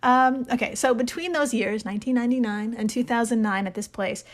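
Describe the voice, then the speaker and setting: A woman's voice: a little high, fairly quick. A woman co-hosting a casual podcast, giggling often as she talks. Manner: giggly, laughs often while reading. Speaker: podcast co-host.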